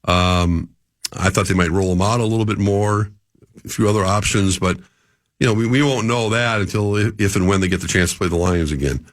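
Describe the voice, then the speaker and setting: Man, deep voice, cold and cough, hesitant, defends his take, dry studio sound. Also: fairly quick, dry recording. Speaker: guest sports analyst. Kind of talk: sports radio chat. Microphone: studio mic.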